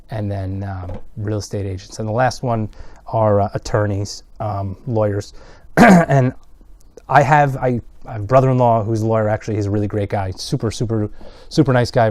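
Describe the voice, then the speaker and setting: A man's voice: lowish voice, fairly even intonation, moderate pace, darkish tone, no echo. A man ranting to the camera in a casual vlog, rambling and exasperated, often mocking how other people talk. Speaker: video blogger.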